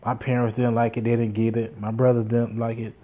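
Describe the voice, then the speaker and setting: A man's voice: medium pitch, flat delivery, a little fast, mellow. A man telling a casual, rambling story, swearing often and full of fillers and restarts. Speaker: podcast host.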